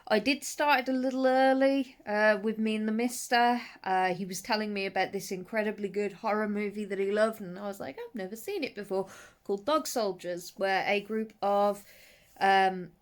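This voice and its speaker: A woman's voice: mid-range voice, normal speed. Chatty English woman with faded Brummie accent. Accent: faded Brummie / Black Country. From English West Midlands. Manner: chatty, rambling, lively with frequent asides. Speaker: horror movie reviewer. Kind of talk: casual vlog chat. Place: at home, settled under a blanket.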